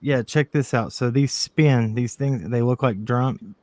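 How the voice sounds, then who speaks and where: A man chatting casually on a livestream, excitable and quick to laugh. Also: medium pitch, dry recording. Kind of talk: casual stream chat.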